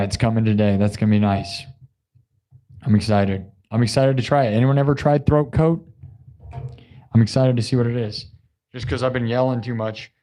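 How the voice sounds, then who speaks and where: A young man chatting on his live stream with a sore throat from hours of yelling, effusive, thanking viewers and swinging between loud hype and quiet asides. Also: mid-range voice.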